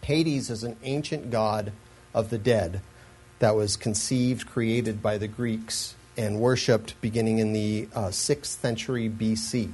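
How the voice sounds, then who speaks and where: A man's voice: on the low side, fairly even intonation, a little slow, a little mellow, breathy edge, poor audio. A man giving an earnest, explanatory Bible lesson in a sermon style, with asides and frequent restarts. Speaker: Bible teacher.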